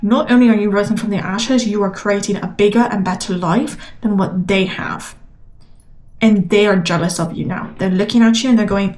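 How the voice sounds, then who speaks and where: A woman's voice: medium pitch, fairly even intonation, normal speed, darkish tone. A woman giving a collective tarot reading, speaking in an emphatic, encouraging way and repeating her phrases for emphasis. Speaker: tarot reader.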